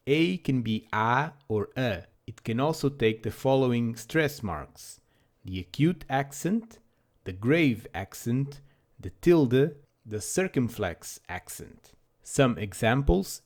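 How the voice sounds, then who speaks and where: Slow, dry-humored male language teacher. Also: mid-range voice, a little mellow. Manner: dry, self-deprecating humor. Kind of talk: scripted lesson narration.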